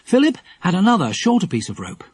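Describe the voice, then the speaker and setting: A man narrating a children's audiobook in a lively, expressive storytelling manner. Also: high voice, brisk, breathy edge, dry recording.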